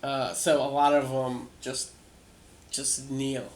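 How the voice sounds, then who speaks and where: A man running a tabletop game as game master, narrating casually with halting fillers. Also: mid-range voice, little pitch movement. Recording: echoey room sound.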